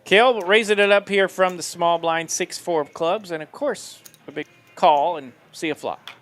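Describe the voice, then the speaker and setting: A man's voice: high voice, moderate pace, a bit bright, faint music behind. A man calling live poker play-by-play in an upbeat manner, laughing easily. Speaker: poker commentator.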